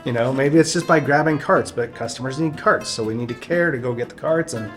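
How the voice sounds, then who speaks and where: A man's voice: mid-range voice, a little fast, a bit bright, soft background music. A man hosting a casual morning show, encouraging and upbeat. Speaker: host.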